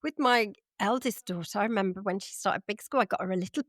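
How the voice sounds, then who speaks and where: A woman's voice: medium pitch, fast, no room sound, clean studio sound. A woman in her forties hosting a podcast, reminiscing and asking her guest prompting questions. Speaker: podcast host. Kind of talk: casual chat.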